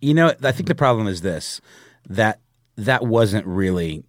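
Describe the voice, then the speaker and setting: A man co-hosts a podcast in easygoing, agreeable chat, his fairly low voice swinging lively up and down. The recording is dry and close. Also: a little slow, no room sound. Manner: easygoing, agreeable, says dude. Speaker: podcast co-host. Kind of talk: casual chat.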